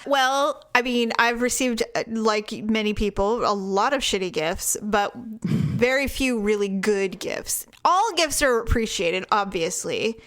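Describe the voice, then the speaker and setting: A woman co-hosting a casual podcast chat, telling stories in a fairly high voice. She talks in an animated way, swears freely and laughs often. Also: measured pace. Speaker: podcast co-host.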